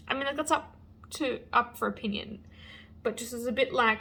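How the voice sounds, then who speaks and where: A young woman chatting casually to camera as a book vlogger, animated and full of fillers. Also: a little high, brisk, husky. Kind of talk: casual vlog chat.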